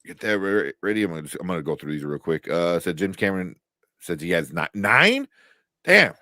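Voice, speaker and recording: Man, very low voice, casual rambling chat, dry close sound. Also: fast, no echo. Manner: rambling, many fillers and restarts. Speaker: podcast co-host.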